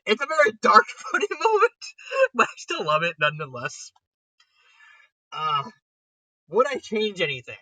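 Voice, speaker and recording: Young man, casual review, animated and chatty, bright tense tone, dry sound. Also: high-pitched, moderate pace, long pauses, no room sound, far from the mic, rough recording. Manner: animated retelling, frequent laughter, filler "like". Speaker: fanfiction reviewer. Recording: dry sound, voice set back from mic.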